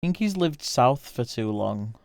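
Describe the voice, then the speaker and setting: Male streamer, relaxed and rambling, smooth clear voice, dry close sound. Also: medium pitch, moderate pace, no echo. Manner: easygoing, rambling, chatting with viewers. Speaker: livestreamer. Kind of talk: casual livestream chat while drawing.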